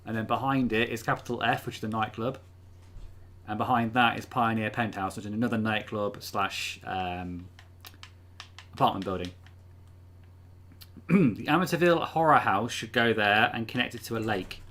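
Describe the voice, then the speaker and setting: A man's voice: lowish voice, moderate pace, long pauses, a bit bright. A man hosting a live stream, chatting casually from home and rambling with lots of ums and uhs. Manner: rambling, filler-heavy, chatty. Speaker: livestream host. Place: room at home.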